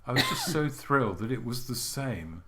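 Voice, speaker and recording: An older man co-hosting a podcast, reminiscing in a relaxed, halting way with gentle humour. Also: mid-range voice. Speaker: podcast co-host. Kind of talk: reflective casual chat.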